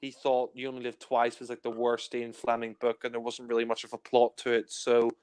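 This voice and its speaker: A man's voice: mid-range voice, monotone, a little fast, a little mellow, smooth. A young man, reviewing films in casual chat, full of fillers and playful retellings. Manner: chatty, many fillers, acts out scenes in silly voices. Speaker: film reviewer. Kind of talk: casual film discussion.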